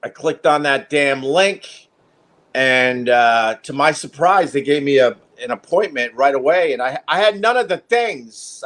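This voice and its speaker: Livestream host, man in his 50s, slightly high voice, rambling, profane, self-deprecating. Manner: profane, self-mocking, halting with fillers. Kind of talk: rambling casual storytelling.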